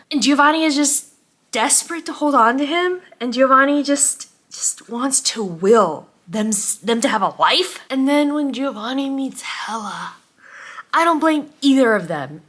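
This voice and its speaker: A young woman vlogging a heartfelt book review, emotional, moving between hushed, tearful passages and angry outbursts. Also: on the high side, lively intonation, measured pace.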